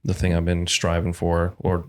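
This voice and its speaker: A man's voice: sits low, completely flat delivery, moderate pace, darkish tone. A young adult man talking earnestly in a casual podcast chat, restarting his sentences as he thinks.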